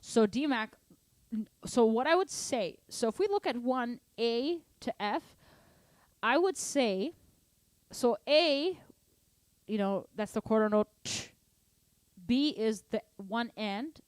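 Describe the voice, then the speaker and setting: A woman drum teacher talks students through accent exercises in a loose, long-winded way, breaking into sung counts and syllables to demonstrate. Her voice sits a little high, and the recording is dry and close. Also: slow, long pauses, dry recording. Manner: animated, sings rhythms and counts aloud; chatty, long-winded explanations. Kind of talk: casual online drum lesson Q&A.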